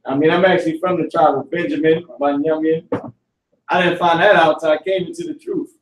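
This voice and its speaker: Guy teaching a class, casual slangy talk, repeats words slow, kinda highish voice, echoey room far from mic. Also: steady tone. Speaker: language teacher. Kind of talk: live online class.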